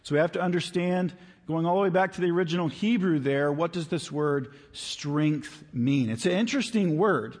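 Male pastor, sermon delivery, husky tone, emphatic and conversational, long church reverb. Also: a little high, a little mellow. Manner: conversational, emphatic, stretches key words slowly. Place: church sanctuary.

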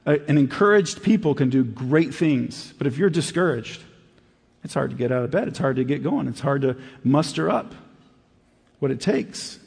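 Pastor guy preaching casual-like, bit high voice, long hall reverb, gets low n quiet to make a point. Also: slightly rough. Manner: conversational preaching, dropping low and quiet for emphasis. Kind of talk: sermon.

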